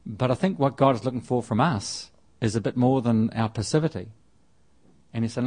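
A fairly quick preacher with a medium-pitched, slightly rough, somewhat mellow voice works through scripture, reading and explaining it. He sounds conversational, often restarting lines and repeating phrases.

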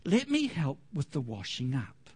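A man doing a meek, soft-spoken husband. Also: on the high side, wildly swooping pitch, a little slow, husky, pitched below the performer's own voice, exaggerated voice. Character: mild, meek middle-class husband.

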